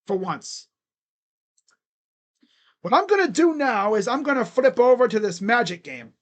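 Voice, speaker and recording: A streamer reacts live to a basketball game with play-by-play, speaking at a medium pitch and measured pace. They read out box score stats, get excitable, repeat catchphrases, and laugh.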